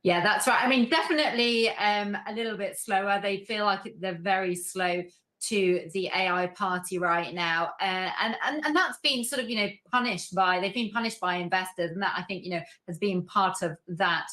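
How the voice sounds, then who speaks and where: A woman with a British accent, a market analyst answering questions on a news broadcast. She speaks in a measured way and often says "I think". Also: mid-range voice, sharp tone. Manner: measured, frequent "I think" hedging. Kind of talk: news interview commentary.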